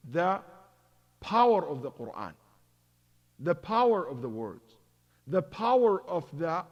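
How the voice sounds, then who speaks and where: Man lecturing in a reverberant hall. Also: a little high. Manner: tells stories acting out both sides, swings from loud to hushed. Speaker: imam giving a Quran commentary class. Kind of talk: religious lecture with storytelling.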